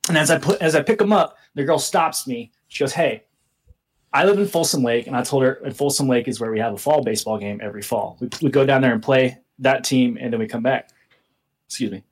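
Husky young man telling a story. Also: medium pitch, fast. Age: young adult. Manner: animated, swearing, laughs through his story. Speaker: podcast co-host. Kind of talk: casual storytelling.

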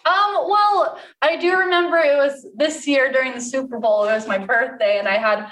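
A woman's voice: high-pitched, normal speed, fairly bright tone. A young woman, a bartender, telling a story in casual chat, laughing often and chatty with fillers. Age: young adult. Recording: echoey room from a distance.

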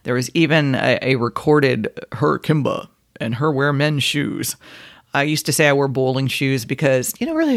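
A middle-aged woman hosting her own podcast, telling embarrassing stories in a casual, self-mocking way and laughing at herself. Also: low-pitched. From South Florida. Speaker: podcast host, former radio personality. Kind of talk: casual storytelling monologue.

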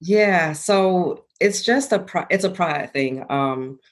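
A woman's voice: lowish voice, expressive, slow. A young woman being interviewed as a guest, talking reflectively and earnestly about herself and laughing easily. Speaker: guest, former college athlete turned entrepreneur. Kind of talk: conversational interview.

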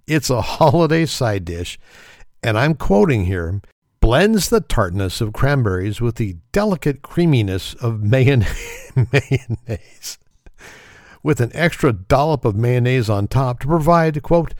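A man's voice: mid-range voice, big pitch swings, unhurried, darkish tone, dry recording, studio quality. A man hosting a casual comedy podcast, talking in a wry, sarcastic way and laughing often. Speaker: podcast host.

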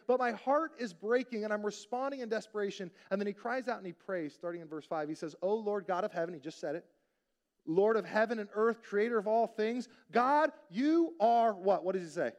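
Casting note: man with a high voice, pastor preaching a sermon, chatty, asks the room questions. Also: fast talker. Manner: conversational preaching, rhetorical questions, acted-out quotes.

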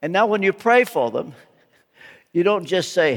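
Giving earnest personal testimony as a guest preacher, an older man from the United States speaks slowly and emphatically, leaving gaps between phrases. His animated voice sits high for a man, and a long reverb from a large hall trails each line.

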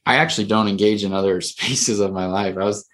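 A man's voice: fairly low pitch, fairly even intonation, brisk, fairly bright tone. A male therapist telling a story in a casual podcast conversation, rambling with lots of fillers and restarts.

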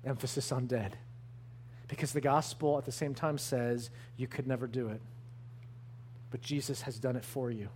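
A man preaching a sermon, earnest and emphatic, slowing down to lean on key words. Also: mid-range voice, steady tone, a little mellow, slight background noise. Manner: earnest, emphatic preaching with slow deliberate stresses. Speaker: pastor.

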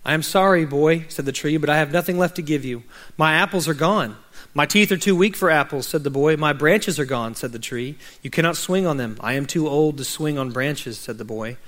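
A man's voice: fairly high pitch, a little fast. A man pastor reading a children's story aloud and then preaching a sermon. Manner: reads a story aloud gently, then preaches with rising urgency.

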